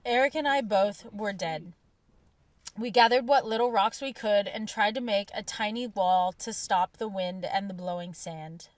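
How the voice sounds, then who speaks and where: A woman narrates a scripted voice-over in a calm, reflective tone. The recording is dry and slightly distant. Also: medium pitch, a little slow, no room sound.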